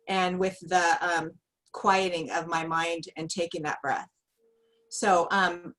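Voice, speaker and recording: A woman's voice: fairly low pitch, a bit bright, low-quality recording. A woman on a video call sharing in a support group, chatty and rambling with many fillers. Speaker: group member.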